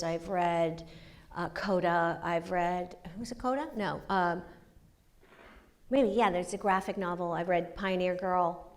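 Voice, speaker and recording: Laughing woman telling stories onstage. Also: lowish voice. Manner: animated, laughing storyteller. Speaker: guest author. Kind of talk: onstage conversation, storytelling. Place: university auditorium.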